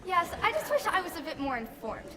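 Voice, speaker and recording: Prim small-town piano teacher; guarded, polite, distant old film sound. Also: female voice, extremely high pitch, very animated, a little fast, a crowd in the background. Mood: reserved.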